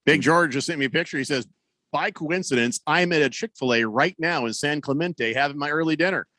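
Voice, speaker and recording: Man, radio host, fairly high voice, rambling and wry, dry close mic. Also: a little fast, bright, forceful tone, no room sound. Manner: rambling, self-correcting, wry. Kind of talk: casual radio talk reading listener messages. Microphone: studio broadcast mic.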